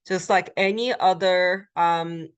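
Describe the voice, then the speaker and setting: A woman lecturing as a Korean language instructor, explaining step by step with frequent ums and uhs and repeating phrases slowly for learners. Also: lowish voice, steady tone, clear, resonant tone. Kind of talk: recorded college lecture.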